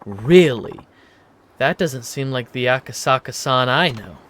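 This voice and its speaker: A man's voice: mid-range voice, expressive, a little slow, a bit bright, a little hiss or hum. A man voicing a chatty, cheerful young woman who gossips in a friendly way and giggles as she talks. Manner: bubbly, giggly, talkative.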